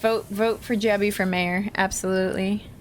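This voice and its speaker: A woman's voice: mid-range voice, fairly even intonation, normal speed, a little hiss or hum. An American woman chatting casually and giggling while streaming a game, with lots of "like" fillers. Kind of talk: casual live-stream chat.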